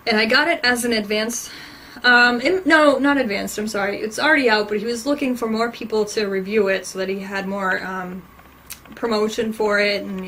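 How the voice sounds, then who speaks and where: A woman's voice: medium pitch, a bit bright, a little hiss or hum, poor audio. A woman hosting a casual podcast, chatting enthusiastically and acting out conversations, her allergies bothering her. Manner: chatty, enthusiastic, acts out quoted exchanges. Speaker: podcast host. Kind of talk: casual chat about books and TV.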